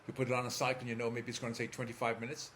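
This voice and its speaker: Calm Irish man guiding a visualization. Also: mid-range voice, rapid-fire, a little hiss or hum. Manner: calm, steady, coaching listener step by step. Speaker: therapist. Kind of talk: guided visualization talk.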